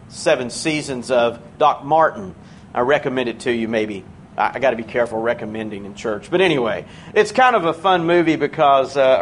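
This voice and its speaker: A man preaching a sermon in a church, conversational and earnest, slowing down to stress key words. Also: medium pitch, a little hiss or hum.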